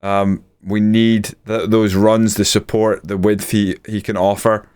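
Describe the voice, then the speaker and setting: Man, low smooth voice, excitable play-by-play over a management game, desk mic. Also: normal speed, hardly any pauses. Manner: excitable play-by-play, muttering asides. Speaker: gaming YouTuber. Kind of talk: video game commentary.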